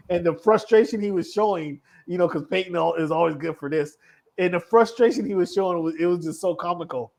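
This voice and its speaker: Animated man chatting about sports. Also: fairly high pitch, brisk, vocal fry. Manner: animated storyteller, laughs often. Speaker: podcast co-host. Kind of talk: casual sports chat.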